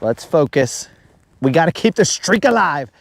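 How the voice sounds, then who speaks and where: A man's voice: a little high, sing-song, normal speed, gravelly, dry recording. A man hosting a fishing livestream from a boat, joking around in a rambling, goofy way and calling everyone bro. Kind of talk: casual joking chat. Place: on a boat on a lake, outdoors.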